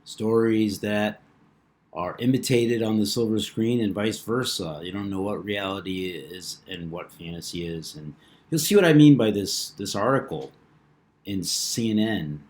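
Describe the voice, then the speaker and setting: Rambling man with a low voice. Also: moderate pace, a little mellow. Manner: rambling, with fillers and stumbles over words. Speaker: channel host. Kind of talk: casual commentary reading a news article.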